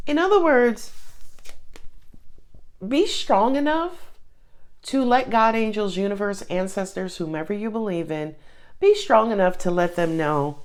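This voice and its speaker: A woman's voice: mid-range voice, a little slow, long pauses, smooth. A woman giving a casual tarot reading, chatty and emphatic, with frequent asides. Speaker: tarot reader.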